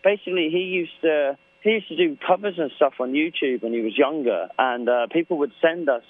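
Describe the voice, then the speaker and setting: A man's voice: on the high side, brisk, no room sound. An English man talks casually in an interview, joking and rambling through his stories. His voice comes through dry, close and tinny, the way a phone line sounds. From England. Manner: joking, storytelling, loose and rambling. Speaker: guest musician.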